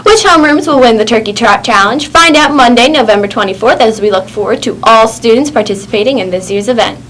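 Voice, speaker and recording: A fairly high-voiced woman reads school announcements clearly and brightly. A faint hiss runs underneath. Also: fast talker, rough recording. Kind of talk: reading morning announcements.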